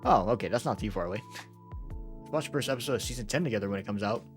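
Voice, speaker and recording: A man's voice: lowish voice, animated, racing, over music. A young man reading a visual novel aloud as a let's-player, laughing often between plain narration.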